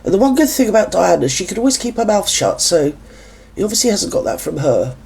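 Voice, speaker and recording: A man's voice: high-pitched, sing-song, quick pace, creaky, darkish tone, slightly rough. A man from England hosting a reaction video, chatty and gossipy with sarcastic asides. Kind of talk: chatty commentary over a clip.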